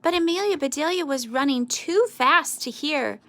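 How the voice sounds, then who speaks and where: A woman reading a children's storybook aloud with expressive, sing-song narration. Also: high voice, normal speed, no room sound. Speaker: storybook reader.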